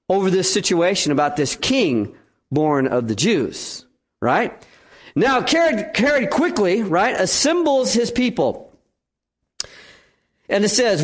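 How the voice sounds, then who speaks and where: A man preaching a sermon as pastor, telling a story with animated, acted-out quotes. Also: high voice.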